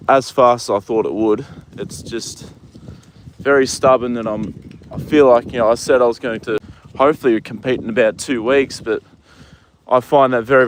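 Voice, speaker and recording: Young kiwi guy on a horse livestream, outdoors, chill and chatty, cusses a bit, middle pitch. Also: a little hiss or hum. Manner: relaxed, chatty, swears casually, coos at his horse. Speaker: livestream host with his horse. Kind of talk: casual chat reading viewer comments.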